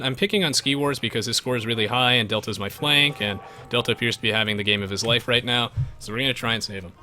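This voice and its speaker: In a live stream of a strategy game, a man speaks fairly quickly in a fairly low voice, chatting to his viewers and reading their comments. He keeps jumping animatedly between the game and the chat. Faint music plays behind him.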